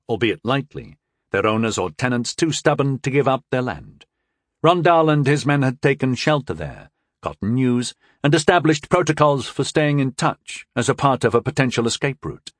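Expressive male audiobook narrator. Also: medium pitch, dry recording, studio quality. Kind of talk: scripted fantasy narration.

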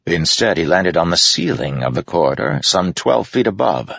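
Super deep gravelly guy reading a fantasy audiobook, husky, dry and kinda dull sound. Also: sing-song, normal speed, a bit bright, no echo. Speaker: audiobook narrator. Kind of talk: scripted fantasy narration.

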